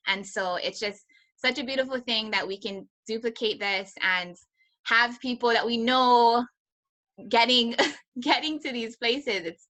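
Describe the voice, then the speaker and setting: A woman from Hawaii hosts a team video call. Her voice is bright and bubbly, and she talks in an excited, gushing way and laughs often. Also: mid-range voice. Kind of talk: introducing a guest on a call.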